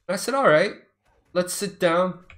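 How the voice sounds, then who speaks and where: A man's voice: high voice, normal speed, a bit bright. A middle-aged man, a former Air Force officer, telling stories in a blunt, profane, rambling way. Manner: blunt, profane, digresses mid-story. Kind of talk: casual storytelling chat.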